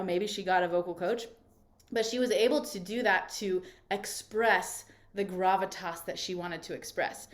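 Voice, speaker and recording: Woman voice coach on a video call, upbeat and encouraging, keeps asking right?, middle pitch. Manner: encouraging, conversational, checks in with "right?". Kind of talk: live online voice workshop.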